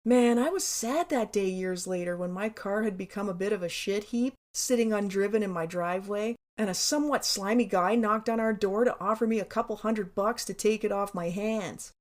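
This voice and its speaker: A woman's voice: medium pitch, moderate pace, few pauses. A woman narrating her own memoir in a wry, candid, sarcastic way, with casual swearing.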